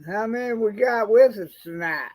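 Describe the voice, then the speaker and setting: A man's voice: high-pitched, moderate pace, a little mellow, rough recording. A man co-hosting a live stream, chatting in a folksy, rambling way and restarting his sentences. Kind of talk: casual live-stream chat.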